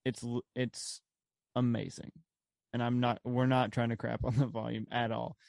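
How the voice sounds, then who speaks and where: A man's voice: medium pitch, level tone, normal speed, gravelly, a little mellow, dry recording. A man co-hosting a podcast in casual chat, rambling with lots of fillers and laughs. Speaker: podcast co-host.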